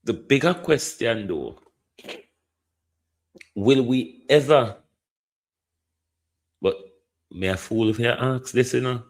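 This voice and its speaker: A man's voice: medium pitch, normal speed. A Jamaican man giving indignant political commentary, slipping between patois and standard English. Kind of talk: opinion commentary.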